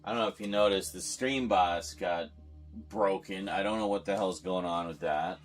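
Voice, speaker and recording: A man's voice: sits low, normal speed, soft background music. A man streaming live, chatting casually and rambling to his viewers and his pets.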